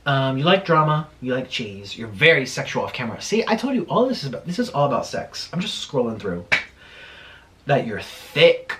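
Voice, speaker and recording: For his mukbang vlog, a young man eats at home while chatting away in an animated manner, swearing whenever he heats up. He talks at a normal speed with medium pitch, and there's a little hiss or hum on the recording.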